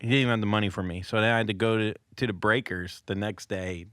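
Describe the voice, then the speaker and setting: Animated, profane comic telling a story. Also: male voice, lowish voice, fast talker, dry recording, clean studio sound. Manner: animated, profane, acts out quoted voices, laughs often. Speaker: comedian. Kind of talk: casual storytelling on a podcast.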